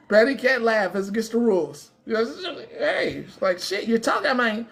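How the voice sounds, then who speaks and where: A woman's voice: a little high, expressive, brisk, gravelly, hardly any pauses, fairly bright tone, slightly rough. A woman hosting a livestream, ranting at her chat and trolls in a casual, profane way and laughing often. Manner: profane, laughing, talks straight back to trolls. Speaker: livestream host.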